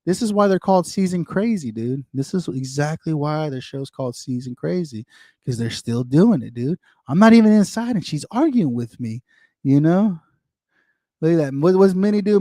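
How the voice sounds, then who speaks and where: A man's voice: a little high, lively intonation, normal speed, dark tone, no room sound, clean studio sound. A man, rambling and repeating himself as he chats casually with livestream viewers and greets them by name. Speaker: livestream host. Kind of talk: casual livestream chat reading viewer comments. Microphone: desktop microphone.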